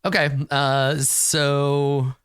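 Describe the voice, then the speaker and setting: A man's voice: mid-range voice, level tone, extremely slow, fairly bright tone, smooth, no echo, clean studio sound. A man narrating as game master, chatty and rambling with frequent laughter.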